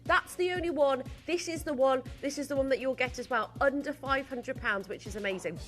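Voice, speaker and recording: A woman's voice: high voice, a little fast, fairly bright tone, soft background music. A woman presenting live on a shopping channel from a TV studio, speaking in chatty, gushing sales patter full of asides.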